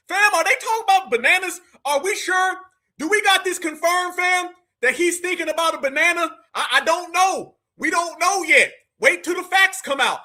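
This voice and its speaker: A man hosting a live show, reacting to clips with loud exclamations and mocking asides to his viewers. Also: very high-pitched, brisk. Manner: exclaiming, mocking, laughing, addresses viewers as fam. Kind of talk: animated live reaction commentary.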